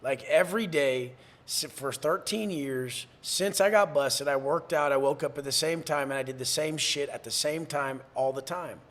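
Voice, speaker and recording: A man's voice: fairly high pitch, normal speed, hardly any pauses, a bit bright. A man from San Diego, a podcast guest, talking bluntly with heavy swearing and acting out the exchanges he quotes. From San Diego, USA. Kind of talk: podcast interview.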